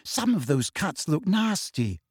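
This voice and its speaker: A man voicing an anxious, clever teenage schoolgirl in an audiobook, speaking gently. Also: fairly high pitch, sing-song, slow pace, slightly rough, no echo, clean studio sound, heavily acted. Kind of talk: audiobook reading.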